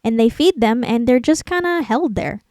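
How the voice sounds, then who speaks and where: A woman's voice: a little high, lively intonation, normal speed, dark tone, dry recording. A young woman hosting her own channel, talking casually about a film, rambling and stopping to hunt for words. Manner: rambling, self-deprecating, searching for words aloud. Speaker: channel host.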